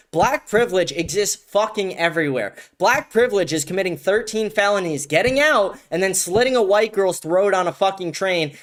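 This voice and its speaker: A man with a high-pitched, fairly bright voice hosts a solo commentary show. He rants heatedly, swearing a lot, and stumbles into restarts, often repeating words as he begins sentences.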